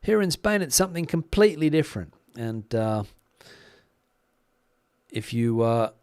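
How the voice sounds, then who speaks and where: A man's voice: medium pitch, very animated, unhurried, a little mellow, smooth, dry recording, studio quality. A middle-aged man with an Australian accent, casually chatting on a live stream, rambling with plenty of fillers and restarts. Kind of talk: casual live-stream chat reading comments.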